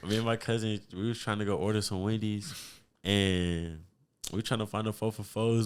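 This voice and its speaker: Young male podcast host from Texas, very low voice, loose and profane casual talk. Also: normal speed, clear, resonant tone. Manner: relaxed, rambling, profane. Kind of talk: casual chat.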